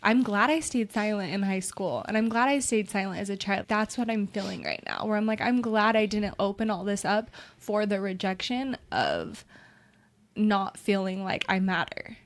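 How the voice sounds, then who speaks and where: A woman's voice: mid-range voice, lively intonation, moderate pace. A woman co-hosting a podcast, talking openly and vulnerably in a searching, personal way. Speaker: podcast co-host. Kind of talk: podcast conversation.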